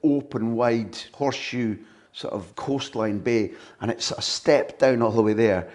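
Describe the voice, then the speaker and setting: A man, a football journalist and podcast host, telling animated stories in a relaxed interview. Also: medium pitch, unhurried. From Scotland. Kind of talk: conversational interview, storytelling.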